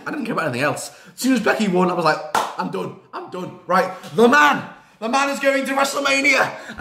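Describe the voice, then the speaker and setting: Man, slightly high voice, rambling excitable vlog chat, echoey room. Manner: excitable, rambling, frequent fillers and repeats, bursts of cheering. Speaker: wrestling reaction vlogger. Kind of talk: excited casual reaction chat.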